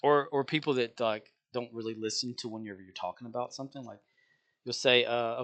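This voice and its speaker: A man's voice: mid-range voice, steady tone, fairly quick, fairly bright tone. A worn-out man ranting in a rambling, profane way while playing a game, exasperated and chuckling often. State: worn out, low energy. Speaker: gaming streamer venting about work.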